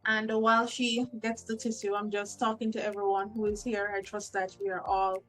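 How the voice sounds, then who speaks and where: A woman hosting a podcast, speaking to listeners in a calm, reflective, encouraging way. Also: mid-range voice, normal speed, soft background music. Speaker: podcast host.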